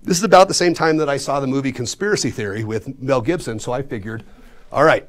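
A man in his forties from Colorado, telling a comic story on stage in a studio, animated and self-mocking, with sudden swings between loud and hushed. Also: mid-range voice, quick pace. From Colorado, USA. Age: 40s. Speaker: storyteller and magician. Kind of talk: comedic storytelling performance. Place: studio before a live audience.

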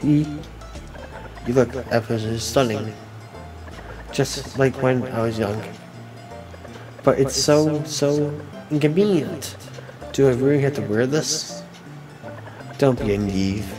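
A man reading video game dialogue aloud as a let's player, with a halting delivery and frequent restarts. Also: medium pitch, music in the background, low-quality recording.

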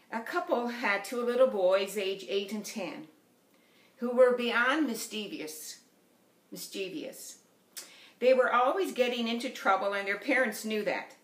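Woman lay preacher, Newfoundland accent, steady earnest sermon, echoey church sound. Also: medium pitch. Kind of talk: sermon with storytelling. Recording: roomy church echo.

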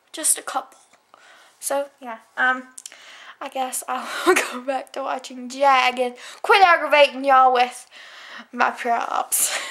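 Woman vlogger, young, high voice, slow, rambly venting at home. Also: a bit bright. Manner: rambling, complaining, lots of fillers. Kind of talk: casual chat to camera. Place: at home indoors at night.

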